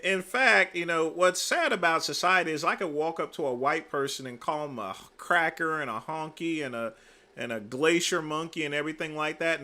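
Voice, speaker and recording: A male host offers sarcastic commentary on a livestream in a somewhat high, crisp voice. His pitch swings widely, and his delivery turns mocking and exaggerated. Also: pushed and bright.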